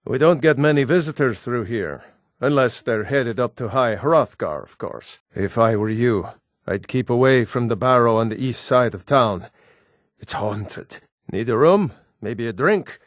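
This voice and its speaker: Guy doing a burly nord fighter from a fantasy game, middle-aged, slow steady talk, dry close sound. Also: medium pitch, no echo, lightly acted. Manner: shouts battle cries, plain folksy small talk. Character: burly male Nord townsman and warrior, gruff. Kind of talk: video game character voice lines.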